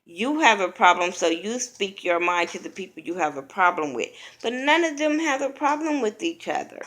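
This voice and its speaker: A woman's voice: mid-range voice, lively intonation, moderate pace, fairly bright tone. A woman giving a blunt, profane, opinionated casual recap of a reality TV episode.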